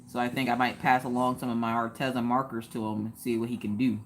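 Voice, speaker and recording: A woman's voice: a bass voice, flat delivery, fast talker, a little hiss or hum. A woman hosting a casual craft live stream, joking around and answering viewers in the chat by name.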